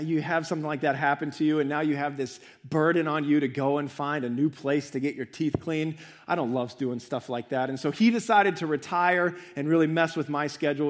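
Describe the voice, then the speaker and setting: A young adult man, a pastor, preaching a sermon in church, earnest and building emphasis through repetition. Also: on the high side.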